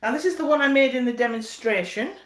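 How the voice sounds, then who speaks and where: Chatty home baker in an echoey room. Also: female voice, high voice, fast talker. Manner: chatty, self-deprecating, restarts and fillers while fetching things. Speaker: home baker hosting a live stream. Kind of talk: casual live-stream chat.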